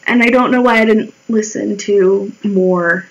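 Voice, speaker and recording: With a mid-range voice and a slightly slow delivery, an American woman livestreams her drawing and chats casually, rambling, swearing and mocking herself as her voice wears out. The recording has its highs cut off.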